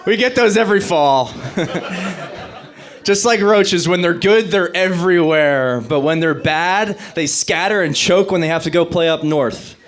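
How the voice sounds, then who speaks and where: A young man doing a stand-up comedy set on stage, delivering dry punchlines between lively bits. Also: high-pitched, unhurried.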